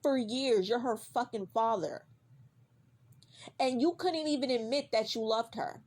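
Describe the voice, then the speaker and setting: A woman's voice: on the high side, unhurried, darkish tone. A woman ranting directly at a TV character in a casual reaction vlog, heated and profane, repeating lines for emphasis. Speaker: vlogger.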